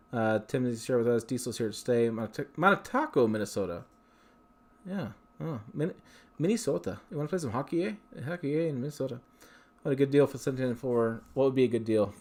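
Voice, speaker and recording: A man hosting a casual livestream, reading viewer questions and answering them in a rambling, chatty way. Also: medium pitch. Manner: rambling, chatty, with frequent fillers and restarts. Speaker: livestream host.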